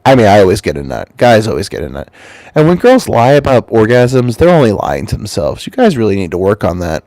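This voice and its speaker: A man with a stuffy, congested voice rambles through a crude, profane comic monologue. His voice sits low but leaps up wildly, and he mumbles and then gets loud. The recording is dry and close, with no room sound. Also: very animated, brisk, no room sound. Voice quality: stuffy-nosed. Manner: loose, swearing, swings between mumbles and loud jumps. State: has a cold, congested. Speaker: channel host.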